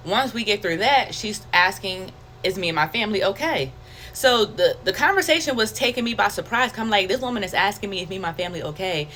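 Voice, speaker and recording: Bright-voiced woman telling her story. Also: medium pitch, fairly quick, slight background noise. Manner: candid, conversational, animated storytelling with quoted self-talk. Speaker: testimony vlogger. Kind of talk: casual personal testimony.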